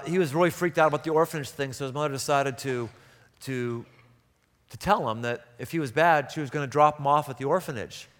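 A man's voice: a little high, a bit bright, in a large hall. A man preaching a sermon, telling stories and breaking into impassioned, rising outbursts. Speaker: pastor.

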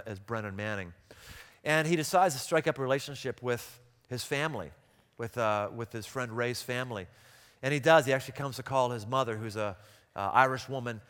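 A man's voice: medium pitch, fairly bright tone, in a large hall. A man preaching a sermon, telling stories and breaking into impassioned, rising outbursts. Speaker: pastor.

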